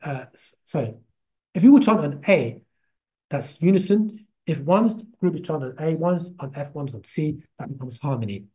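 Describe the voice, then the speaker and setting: A man teaching a casual spoken lesson, slow and halting, repeating himself as he explains and chanting drawn-out syllables to show them. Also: fairly high pitch, expressive, darkish tone, husky. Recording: dull lo-fi recording.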